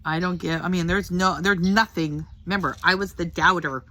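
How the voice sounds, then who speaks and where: A woman's voice: lowish voice, fairly even intonation, moderate pace, bright, forceful tone. An older woman giving a casual personal testimony about her faith, talking in an earnest, heartfelt, rambling way. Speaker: Christian testimony speaker.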